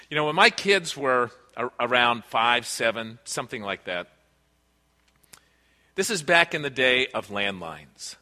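A man's voice: medium pitch, sharp tone. A man preaching a sermon, earnest and conversational, telling personal stories from family life. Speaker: pastor. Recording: long reverb of a large hall.

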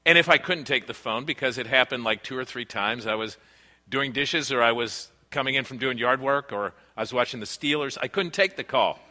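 A pastor shares personal stories about family life in an earnest, conversational sermon. He has a mid-range voice with a sharp tone and a fairly quick pace, and the recording carries a large hall's long reverb.

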